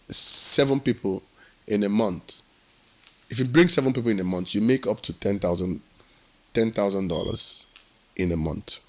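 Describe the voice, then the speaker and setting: A man from Nigeria, telling his work story as an interview guest and acting out the dialogue. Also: on the low side. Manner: animated storyteller who acts out quoted dialogue.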